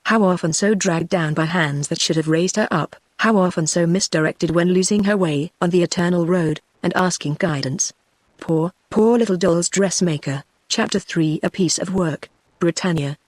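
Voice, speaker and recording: A woman's voice: fairly low pitch, no room sound. A text-to-speech woman's voice with a British English accent, narrating an audiobook. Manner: even, machine-read delivery. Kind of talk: text-to-speech book reading.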